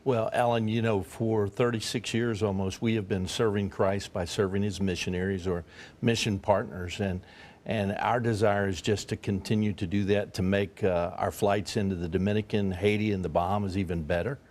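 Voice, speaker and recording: A man who runs a mission flight charity, speaking earnestly and haltingly on a TV panel. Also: on the low side, steady tone, a little mellow. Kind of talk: TV panel discussion.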